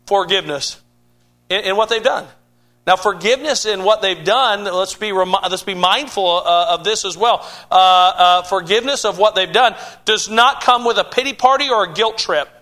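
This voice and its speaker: A man's voice: high voice, moderate pace, bright, forceful tone. A man pastor preaching a sermon, with frequent stammered restarts and an emphatic preaching cadence.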